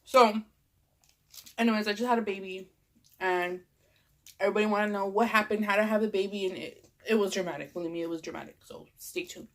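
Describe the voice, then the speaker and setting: A woman's voice: medium pitch, fairly even intonation, fast, long pauses. A young woman with a Californian accent, stuffed up from a cold, rambling casually while eating in a vlog. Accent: Californian English. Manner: rambling, chatty, lots of "like" and fillers. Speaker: vlogger.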